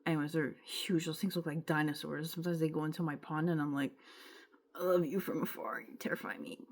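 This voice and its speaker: A young woman from Quebec with a Quebec French accent, telling a rambling, emotional personal story in a casual vlog. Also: fairly low pitch. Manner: rambling, emotional, with filler words and self-interruptions. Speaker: vlogger.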